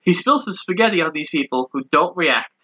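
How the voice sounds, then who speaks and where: A man's voice: on the high side, lively intonation, brisk, sharp tone, husky, highs cut off. A man co-hosting a podcast, recapping a movie in casual chat, often stammering and restarting. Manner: stammering, laid-back. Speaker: podcast co-host.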